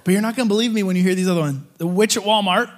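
A man preaching to a live group, telling a funny testimony story in an animated, joking way. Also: high-pitched, very fast, slight background noise. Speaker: guest preacher.

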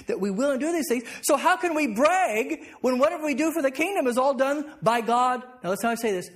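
A middle-aged male pastor teaching a Bible class, reading verses aloud and prompting the class with questions that he then answers himself. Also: very high voice.

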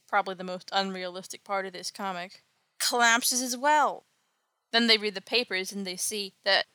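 A woman host walks through an old comic book in a casual, wry way, adding sarcastic commentary as she goes. Her voice is bright and crisp, recorded close and dry with no room sound. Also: fairly high pitch, dry recording. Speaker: podcast host.

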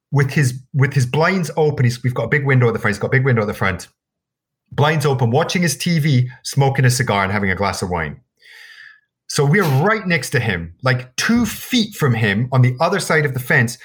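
A man's voice: medium pitch, slightly rough. A man with a Scottish accent co-hosting a podcast in casual chat, swearing freely and acting out what others said. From Scotland. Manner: animated, swearing, acts out quotes. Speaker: podcast co-host.

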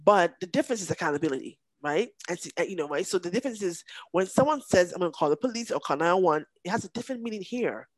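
A woman, a podcast guest telling a painful personal story in an intense, halting way that sometimes breaks off with emotion. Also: fairly low pitch, expressive, dry recording, low-quality recording. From Nigeria.

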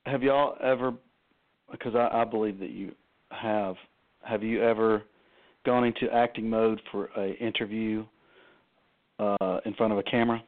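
A man's voice: fairly low pitch, fairly even intonation, normal speed, long pauses. A male radio host asking his guests loose, easygoing questions. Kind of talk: casual interview chat. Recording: tinny phone-like line.

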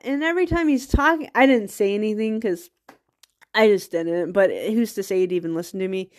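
A woman's voice: medium pitch, fairly quick. A woman hosting a podcast, talking in a rambling casual monologue with laughing asides, a bit stuffy from a cold. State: has a cold, occasional coughs. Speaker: podcast host.

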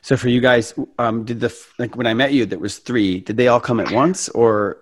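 A man hosting a casual conversation, telling stories in an animated way and acting out quotes. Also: moderate pace. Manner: animated storyteller, acts out quotes with big pitch jumps. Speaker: podcast host.

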